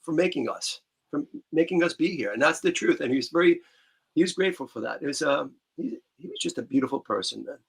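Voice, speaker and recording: A man in an interview, talking in a heartfelt, halting way about a late friend. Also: a little high, animated, vocal fry, fairly bright tone, husky. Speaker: guest musician. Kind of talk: casual interview talk.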